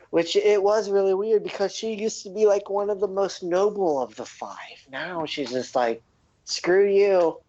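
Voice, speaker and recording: A man's voice: unhurried, warm tone. A man voicing a weary male gnome leader who sighs and rambles in a raised voice, on a dull lo-fi recording. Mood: troubled, musing. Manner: sighing, raised pitch, rambling. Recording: dull lo-fi audio.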